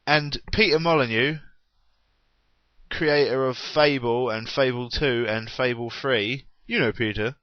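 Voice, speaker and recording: A man's voice: medium pitch, unhurried, no room sound. A young man rambles through an unplanned gaming vlog, joking at his own expense and piling on exaggerations. His voice sits in a middling register. The recording is dry and a little dull, like a basic home mic. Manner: rambling, self-deprecating, exaggerating. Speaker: gaming vlogger.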